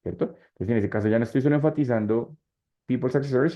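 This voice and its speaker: Speaking very fast at a medium pitch, a man walks an online class through English grammar. A native Spanish speaker, he mixes English and Spanish and checks on his students often, in slightly dull lo-fi audio.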